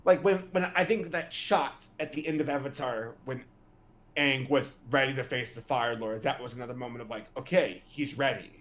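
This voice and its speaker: A man co-hosting a casual podcast, talking with enthusiasm and halting restarts. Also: medium pitch, a bit bright. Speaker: podcast co-host. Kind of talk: casual chat.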